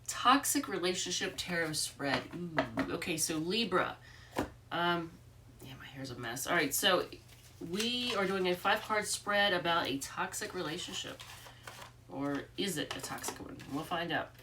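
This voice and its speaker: A woman's voice: on the low side, animated, measured pace, far from the mic, very noisy. A congested woman giving a casual, rambling tarot reading, full of fillers and restarts. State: congested from allergies. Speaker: tarot reader.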